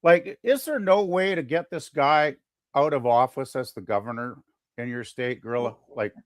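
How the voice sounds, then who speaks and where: Over clean studio audio with no room sound, a man co-hosting a podcast chats loosely, restarting and using lots of fillers. His pitch is medium and his pace moderate.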